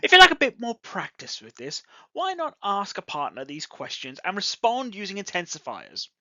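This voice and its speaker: A teacher giving an English grammar lesson, speaking slowly and enunciating clearly. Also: mid-range voice, wildly swooping pitch, pushed and bright, no room sound, highs cut off.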